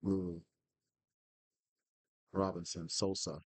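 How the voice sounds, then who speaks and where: Slow-talking man, husky and dry, calls player names tersely while gaming and swears when things go wrong. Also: low voice, level tone. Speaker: podcast host playing a football management game. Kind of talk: casual live commentary on his own game.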